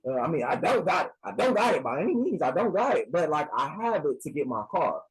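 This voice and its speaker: Husky, animated young man telling a story. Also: fairly high pitch, fast, few pauses, rough recording. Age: young adult. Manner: animated, slangy, acts out both sides of the call. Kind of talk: casual storytime.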